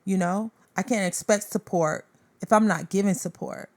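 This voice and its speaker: A woman's voice: mid-range voice, moderate pace, a little mellow. A woman from Chicago, a podcast guest, giving frank advice in casual chat.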